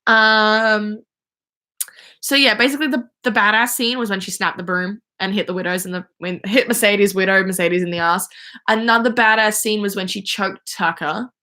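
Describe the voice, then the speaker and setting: A woman's voice: mid-range voice, fairly even intonation, normal speed, pushed and bright. A young woman hosting a casual fan livestream, gushing and chatty, with many fillers and restarts, on a phone or webcam mic. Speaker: livestream host.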